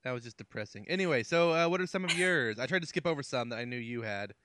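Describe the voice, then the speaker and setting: A man co-hosting a casual movie chat, laid-back and deadpan in his jokes. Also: medium pitch, quick pace, dry recording, studio quality.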